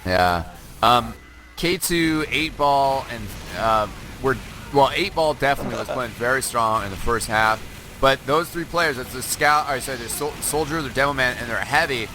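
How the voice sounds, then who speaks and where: Male color commentator for a game stream, mid pitch, bright and tense tone, headset, slight hiss. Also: lively intonation, normal speed. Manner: analytical, chatty, laughs often, filler-heavy. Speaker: esports co-caster.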